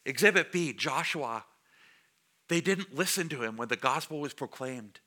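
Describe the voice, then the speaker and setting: A man's voice: mid-range voice, animated, normal speed, pushed and bright. A man preaching a sermon to a congregation as their pastor, speaking in a conversational way and joking with the listeners. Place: church before a congregation.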